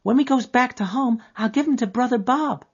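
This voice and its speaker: A woman's voice: a little high, a little fast, husky. A woman voicing a trusting little girl lost in the desert, talking in a folksy childlike dialect, in a lo-fi recording. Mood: delighted. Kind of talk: audio drama acting. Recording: dull lo-fi recording.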